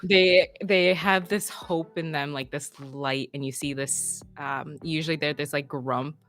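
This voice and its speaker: Stammering low-voiced woman player. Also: fairly even intonation, a little slow, a bit bright. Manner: stammering, repeats words. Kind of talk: casual chat in a tabletop game.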